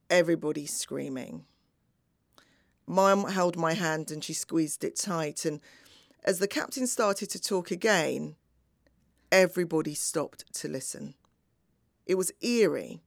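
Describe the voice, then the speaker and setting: A middle-aged woman recounts a personal memory slowly and deliberately, letting pauses do the dramatic work. Her voice sits a little low and carries a gravelly edge. The recording is dry and close. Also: no echo. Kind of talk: personal storytelling.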